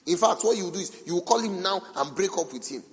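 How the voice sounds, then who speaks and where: A man's voice: high voice, fast talker. Man preaching in an echoing hall. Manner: animated storytelling with rhetorical questions, acting out quoted people. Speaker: pastor. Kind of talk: sermon. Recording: long reverb from a large hall.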